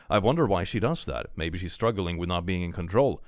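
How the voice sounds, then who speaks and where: A man with a very low voice chats his way through reactions on a live stream. He rambles, reads posts aloud and laughs often, and the sound is dry and close to the mic with no room echo. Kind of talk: casual live-stream commentary.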